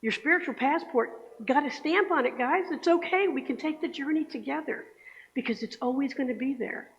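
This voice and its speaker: A woman's voice: sits high, a little fast. Woman preaching in an echoey hall. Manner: chatty, asks the congregation for agreement. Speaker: speaker giving the Sunday message. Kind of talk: conversational sermon. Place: church sanctuary. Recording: echoey hall, dull lo-fi sound.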